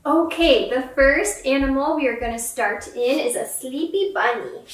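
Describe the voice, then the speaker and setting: A young woman teaching a yoga class for children, giving gentle, encouraging cues and playful animal sounds. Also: sits high, normal speed, music in the background. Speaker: yoga instructor. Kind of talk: kids yoga class instruction. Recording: echoey room, mic at a distance.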